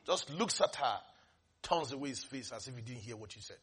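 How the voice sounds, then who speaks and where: A man preaching a sermon dramatically, swinging between quiet asides and sudden shouts with laughter. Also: medium pitch, lively intonation, brisk, breathy edge.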